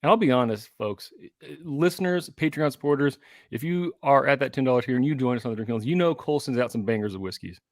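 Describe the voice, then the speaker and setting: A man's voice: mid-range voice, quick pace, dry recording, clean studio sound. A man co-hosting a casual whiskey podcast, upbeat and chatty as he runs through the show's business. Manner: upbeat, animated promo patter. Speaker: podcast co-host.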